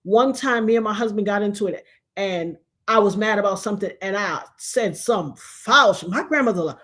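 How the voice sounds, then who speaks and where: A woman's voice: medium pitch, animated, normal speed, fairly bright tone. A middle-aged woman, hosting a casual livestream chat and telling stories animatedly, acting out the voices of the people she quotes. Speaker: show host.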